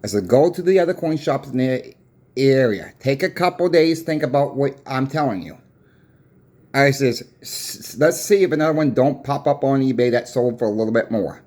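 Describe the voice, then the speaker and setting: Man, coin shop owner, folksy storytelling vlog, plain-spoken, average pitch. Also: moderate pace, a little mellow. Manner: retells a dispute with many "I said" and "I says" tags.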